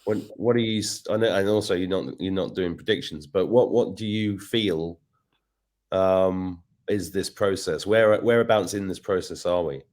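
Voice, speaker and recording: A man hosting a podcast interview, asking halting questions with fillers. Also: sits low, darkish tone. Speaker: podcast host. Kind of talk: casual interview chat.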